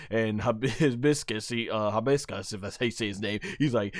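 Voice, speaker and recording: A man hosting a live anime episode review, giving slangy, excitable play-by-play commentary and laughing often. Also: on the low side, fast talker, hardly any pauses, no room sound, clean studio sound. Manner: slangy, casual. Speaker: anime reviewer, channel host.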